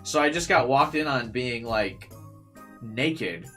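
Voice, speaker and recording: A young man telling a personal story in a casual stream chat, animated and full of fillers and swearing. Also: mid-range voice, takes it slowly, soft background music.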